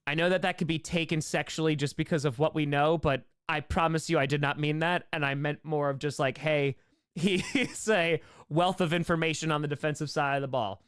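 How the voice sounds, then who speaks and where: A young man hosting a loose live-stream Q&A, joking and rambling between chat questions. His voice sits a little high and comes through smooth and clear. He talks in quick asides. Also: steady tone, a bit bright.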